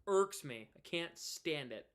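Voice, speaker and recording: A man's voice: on the high side, expressive, slow pace, a bit bright, clear, resonant tone. A man of twenty from New England, chatting casually on a live stream and rambling through many restarts and fillers. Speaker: live streamer and hockey podcaster.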